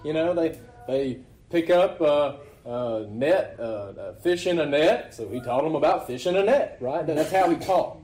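Higher-voiced man preaching in an echoey hall. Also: expressive, unhurried, a little mellow. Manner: conversational, asks rhetorical questions. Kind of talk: sermon. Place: church meeting hall.

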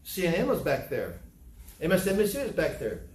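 A man's voice: fairly high pitch, wildly swooping pitch, fairly quick. Brief: male pastor, conversational sermon with acted-out scenes, echoey room. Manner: conversational, acts out scenes in different voices.

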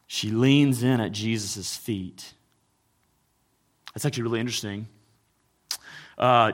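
A man preaching a sermon as a pastor, swinging between loud emphasis and hushed intensity. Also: mid-range voice, in a large hall.

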